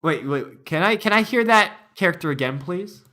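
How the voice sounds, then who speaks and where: A man's voice: high voice, expressive, moderate pace, pushed and bright. A man streamer giving casual reaction commentary, laughing often and joking around.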